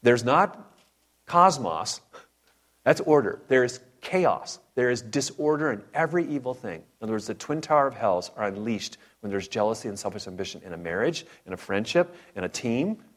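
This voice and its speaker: A man's voice: fairly low pitch, normal speed. Fired-up guy preaching, voice jumps all over, cracks jokes mid sermon. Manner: animated, fired-up preaching with asides and humor.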